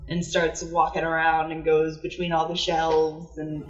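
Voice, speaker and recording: A woman narrating her character's actions while playing a tabletop game, with a giggly, relaxed storytelling manner. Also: deep voice, measured pace, few pauses, reverberant, distant mic, highs cut off.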